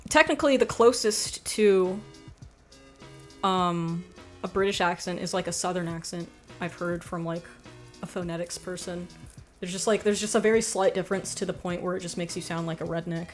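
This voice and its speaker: A young American woman livestreaming in a casual chat, rambling and animated, swearing often and reading out viewer comments. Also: on the low side, normal speed, faint music behind. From United States.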